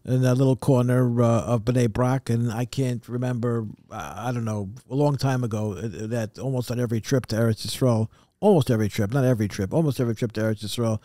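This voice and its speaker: A man co-hosting a casual podcast chat, speaking thoughtfully and haltingly, pausing often to search for words. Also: medium pitch, fairly even intonation, warm tone, dry recording, studio quality. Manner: thoughtful, halting, many uh fillers.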